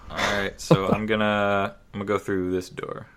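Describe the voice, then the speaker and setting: A man's voice: on the low side, flat delivery, normal speed, a bit bright. A man playing a tabletop game, asking eager questions about his character's moves. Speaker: player.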